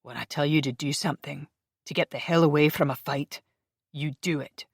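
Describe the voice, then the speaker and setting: A surly male Highlander vampire soldier, put on by the audiobook narrator, with a thick Scottish brogue and a low, clipped growl. He sounds bossy and short-tempered, and the voice has a different timbre from the narration around it, recorded dry and close. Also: steady tone, moderate pace, gravelly, husky, dry recording. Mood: gruff.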